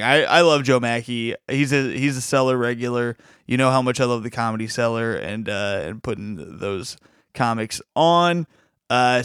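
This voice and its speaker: A man's voice: medium pitch, fairly bright tone, clean tone, no echo, clean studio sound. A man hosting a casual podcast chat, talking enthusiastically and rambling with restarts. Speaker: podcast host.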